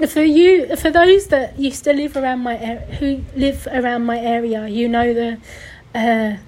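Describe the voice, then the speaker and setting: A woman's voice: on the high side, unhurried, a little mellow, poor audio. A young woman hosting a podcast, telling a personal story in a tearful, rambling way, sighing and correcting herself as she goes. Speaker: podcast host.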